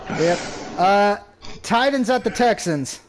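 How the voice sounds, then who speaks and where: A man's voice: sits high, lively intonation, slow pace, noisy background. A man hosting a casual sports picks stream, joking, laughing often and swearing. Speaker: host.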